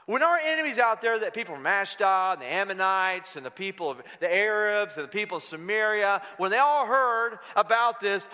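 A man preaching with energy and humor, talking straight to his congregation. His voice is high and bright. It carries through a big, echoing church hall. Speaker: pastor. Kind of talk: sermon. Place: church sanctuary. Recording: echoey hall.

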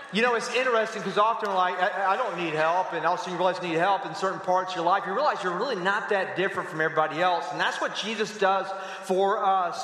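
A male pastor delivers a sermon in a church sanctuary, his bright, forceful voice ringing off the walls. He tells stories with animation and keeps checking in with the congregation through quick rhetorical asides. The recording carries a long, roomy reverb. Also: sits high. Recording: echoey hall with long reverb.

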